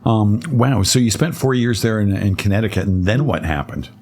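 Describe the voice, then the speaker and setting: A man's voice: on the low side, lively intonation, normal speed, darkish tone. A man from Ohio hosting a casual radio interview, joking around and asking short, easygoing questions. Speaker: radio host.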